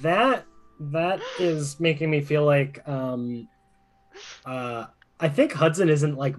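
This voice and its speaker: A man talking casually while creating characters for a tabletop game, rambling with lots of pauses. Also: fairly high pitch. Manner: rambling, many fillers and restarts. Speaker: game player and host.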